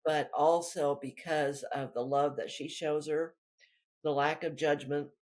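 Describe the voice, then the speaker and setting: A woman's voice: low-pitched, steady tone, measured pace, darkish tone. A woman author talking through her work in a rambling, chatty way during an interview. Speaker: author guest. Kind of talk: casual interview chat.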